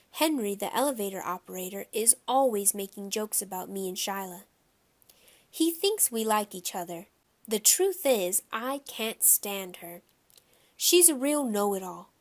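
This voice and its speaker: A woman narrating a children's novel in the first person, with lively storytelling. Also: medium pitch. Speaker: audiobook reader.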